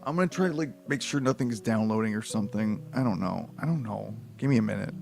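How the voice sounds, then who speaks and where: A man's voice: on the low side, fast talker, creaky, music in the background. Profane, rambling male streamer. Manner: rambling, profane, incredulous asides. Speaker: streamer reading a book aloud. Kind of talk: casual live-stream reading with commentary.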